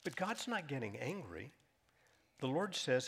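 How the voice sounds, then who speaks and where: A man preaching a sermon, reading scripture aloud and explaining it, climbing in pitch and loudness on emphatic lines and dropping to a soft hush on key phrases. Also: big pitch swings, a little slow, pauses often, slightly rough. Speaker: pastor.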